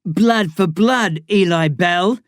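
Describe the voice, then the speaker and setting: An intense teenage boy with a Vietnamese accent intones his lines formally, as if reciting a sacred code, voiced by a male reader. His voice sits somewhat higher than the narration. The sound is dry and close. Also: slow, dry recording. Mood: solemn menace. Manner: formal, solemn, ritualistic. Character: intense teenage boy, solemn self-styled warrior.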